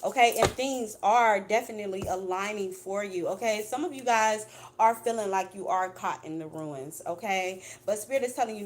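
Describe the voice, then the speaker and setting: A woman's voice: medium pitch, moderate pace, a little hiss or hum. A woman doing a casual tarot reading for her viewers, chatty and blunt, swearing freely and calling them "baby.". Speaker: tarot reader.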